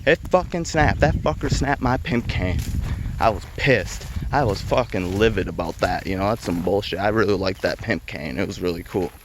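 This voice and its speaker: Young guy, lower voice, foul-mouthed, laughing storyteller; noisy background. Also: normal speed. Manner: heavy swearing, laughs between lines. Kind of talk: casual spoken storytelling.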